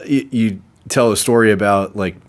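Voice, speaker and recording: A man hosts a podcast and asks his guest loose, conversational questions, often starting them over partway through. His voice is very low. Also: moderate pace. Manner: conversational, rambling questions with restarts. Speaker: podcast host. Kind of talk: casual interview questions.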